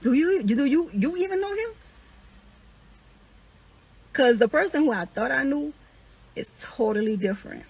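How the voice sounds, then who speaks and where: A woman's voice: sits high, lively intonation, normal speed, pauses often, darkish tone, breathy edge, rough recording. A young woman venting heatedly and profanely, indignant and repeating herself. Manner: indignant, repetitive, swears constantly, rising to incredulous peaks. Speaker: woman airing accusations against an ex.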